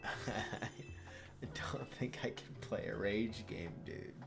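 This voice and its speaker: A man's voice: on the low side, takes it slowly, vocal fry, music in the background. A man streaming a game live, muttering frustrated thoughts to himself with frequent sighs. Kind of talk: live gameplay commentary.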